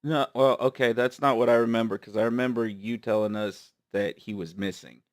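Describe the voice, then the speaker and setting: A man playing a tabletop game, speaking slowly and searching for words. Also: mid-range voice, steady tone, no room sound, studio quality. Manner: slow, deliberate, searching for words. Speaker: player. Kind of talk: tabletop role-play.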